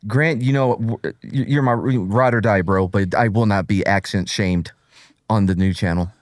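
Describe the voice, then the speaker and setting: Jokey man, rather low voice. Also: normal speed, dry recording, studio quality. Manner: joking, easily distracted while reading chat. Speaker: co-host. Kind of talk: casual livestream banter.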